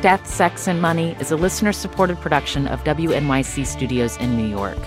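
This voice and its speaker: A woman podcast host with a very low voice speaks in a measured, deliberate way. Clear music plays underneath her. She reads her outro calmly. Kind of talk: interview and scripted outro.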